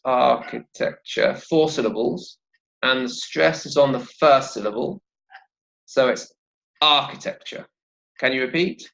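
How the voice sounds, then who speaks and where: A man's voice: mid-range voice, creaky, a bit bright, lo-fi sound. A man teaching English vocabulary and pronunciation, patiently repeating words for learners to copy. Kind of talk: slow, clear teaching with pronunciation drills.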